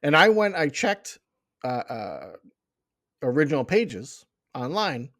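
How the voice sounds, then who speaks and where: A man's voice: fairly high pitch, very animated, slow pace, fairly bright tone, dry recording, studio quality. A man co-hosting a casual comic book podcast, talking in incredulous, rambling asides. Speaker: podcast co-host.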